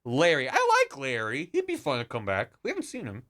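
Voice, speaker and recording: A man's voice: mid-range voice, wildly swooping pitch, fairly quick, sharp tone. A man streaming a game, chatting casually with jokes and the odd swear, over game music. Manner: joking, rambling, swears.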